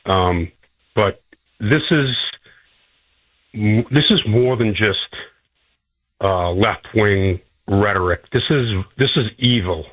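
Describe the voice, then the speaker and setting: Low-voiced male caller on phone line. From North Shore area. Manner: earnest, emphatic, halting with fillers.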